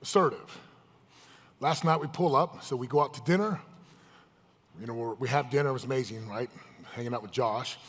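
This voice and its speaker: At a live seminar in a large, echoey event hall, a male motivational speaker fires emphatic questions directly at the audience. His voice sits at medium pitch with a fairly bright tone, moving fairly quickly but pausing often.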